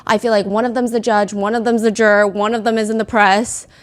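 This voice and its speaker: A woman's voice: mid-range voice, little pitch movement, a little fast. A woman hosting casual commentary, recapping a trial in a chatty way with many filler words and acted-out quotes.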